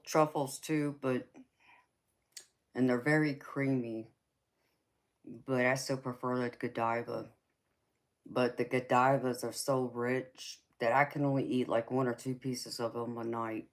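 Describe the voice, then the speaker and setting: A woman hosts a relaxed live stream, answering her viewers' comments one by one in an unhurried, easygoing way. She teases them fondly, calls them honey and baby, and laughs often between her remarks. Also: rumbling low. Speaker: tarot reader and live-stream host.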